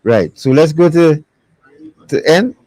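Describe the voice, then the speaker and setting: A man with a Trinidadian accent hosts a live studio talk show. His voice is mellow and darkish in a dry room, and he chats loosely, repeating words and laughing easily. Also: a little high, expressive, takes it slowly, no echo, rough recording. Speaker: host. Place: radio studio.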